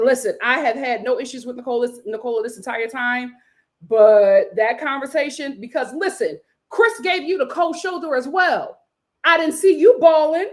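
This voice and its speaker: A young adult woman giving a sassy, emphatic live recap of a reality show, acting out the cast's lines in quick asides. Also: high-pitched. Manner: sassy, emphatic, quotes cast members in voices.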